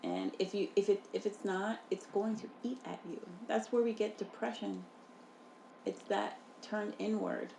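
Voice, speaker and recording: A woman's voice: mid-range voice, expressive, normal speed, creaky, mellow, a little hiss or hum. A woman talking in a conversational podcast interview, thoughtful and often restarting as she searches for the right words. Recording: roomy echo with faint ambience.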